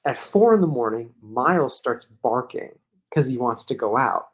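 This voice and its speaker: A man's voice: medium pitch, lively intonation, moderate pace, a bit bright. A man co-hosting a podcast, telling a long casual story that rambles, full of "like" fillers. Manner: rambling, heavy use of "like", laughs while telling. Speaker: podcast co-host.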